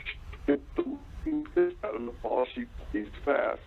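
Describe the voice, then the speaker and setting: A man calling in by phone, trading deadpan teasing banter with a broadcast team. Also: medium pitch, unhurried, vocal fry, faint music behind. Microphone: telephone. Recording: tinny phone line.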